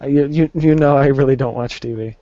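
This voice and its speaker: A man's voice: mid-range voice, a little fast, mellow, no room sound. Casual guy, stumbling delivery, dry muffled lo-fi recording. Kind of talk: casual chat.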